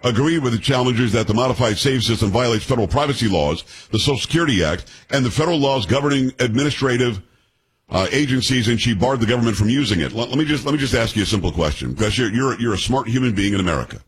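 A man in his sixties hosts a political call-in radio show with a blunt, combative and sarcastic delivery. His voice has a rough, husky grain, and his pitch sits in an ordinary middle range for a man. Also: lively intonation, quick pace. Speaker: radio talk show host. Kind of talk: political talk radio monologue.

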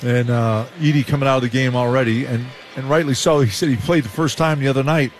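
A Canadian former player, now a male color commentator, who breaks down basketball plays in a relaxed, explanatory way. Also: mid-range voice, fast talker, a little hiss or hum. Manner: relaxed, explanatory, with frequent "uh" and restarts.

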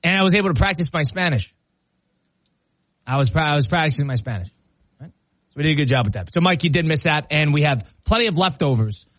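A man's voice: a little high, animated, quick pace, long pauses, a bit bright, dry recording. A man hosting a show, telling a self-mocking story in casual on-air banter and laughing often. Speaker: radio show host.

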